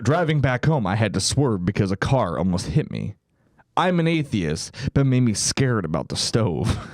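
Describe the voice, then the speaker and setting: A man's voice: mid-range voice, a little mellow, no echo, studio quality. A man co-hosting a podcast, reading scary stories aloud in a mock-dramatic way and laughing at the silly wording. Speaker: podcast co-host.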